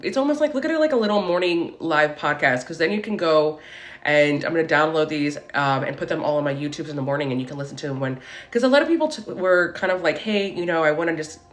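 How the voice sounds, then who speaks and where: A woman in her forties hosting a casual spiritual live stream. She chats excitedly, tells stories and greets viewers as she goes. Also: low voice, fast. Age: 40s. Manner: chatty, greets and thanks viewers as she talks.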